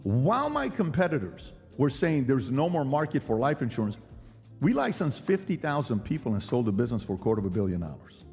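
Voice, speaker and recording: A man's voice: medium pitch, big pitch swings, brisk, a little mellow, in a large hall, faint music behind. A middle-aged man hosting a podcast who argues emphatically, firing rhetorical questions and mimicking other people's lines. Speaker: podcast host. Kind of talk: animated debate monologue.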